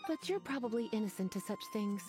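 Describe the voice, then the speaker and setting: A woman's voice: mid-range voice, expressive, fast, lightly acted. A woman voicing a prim, haughty young librarian in a video game, speaking in a proper, haughty manner over game music. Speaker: librarian collecting overdue books. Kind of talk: video game character dialogue.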